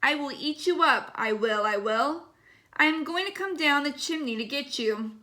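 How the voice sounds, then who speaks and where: Lady doing the big bad wolf, sneaky and hungry, bright highish voice, growly threats. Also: animated, unhurried, full character voice. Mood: angry. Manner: growling threats, sugary coaxing.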